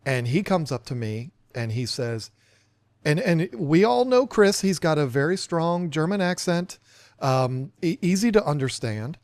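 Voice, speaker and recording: Animated storytelling man, higher voice. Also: a little slow, no room sound. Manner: animated storyteller, acts out dialogue; self-deprecating. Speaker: podcast co-host. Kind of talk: casual podcast chat.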